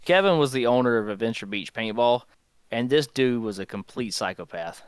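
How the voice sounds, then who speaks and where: A man's voice: mid-range voice, animated, moderate pace, smooth, no room sound. A man telling old stories in a casual podcast chat, laid-back and drawling. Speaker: podcast co-host.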